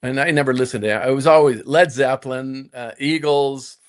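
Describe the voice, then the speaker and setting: Animated older man telling a story. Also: mid-range voice, a little fast, very noisy. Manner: animated storyteller, many repeated "and, and" restarts, acts out his own inner voice. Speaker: guest, former tour golfer. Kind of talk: storytelling in casual conversation.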